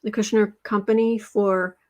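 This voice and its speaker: A woman's voice: mid-range voice, little pitch movement, a little slow. An American woman hosting a tarot livestream, chatting casually and sarcastically while reading out viewer comments. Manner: chatty, sarcastic, mocking asides. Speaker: tarot reader livestream host.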